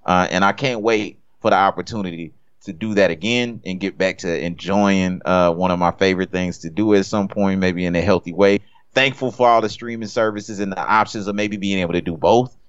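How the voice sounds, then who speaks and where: A man's voice: sits low, brisk, clear, resonant tone, lo-fi sound. A man co-hosting a podcast, talking casually in a laid-back, slangy way. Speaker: podcast co-host. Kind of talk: casual chat.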